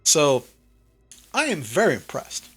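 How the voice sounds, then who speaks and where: A blunt, businesslike retired man, voiced by a game master, rambling through his points with plenty of fillers. His voice sits a bit high for a man. Soft music plays underneath. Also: huge pitch swings, unhurried.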